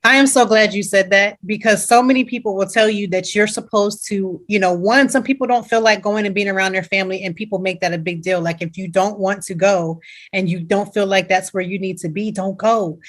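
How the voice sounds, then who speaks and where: A woman's voice: medium pitch, steady tone, brisk. Affirming woman podcast host. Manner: affirming, frequent agreeing responses. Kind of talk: casual interview talk.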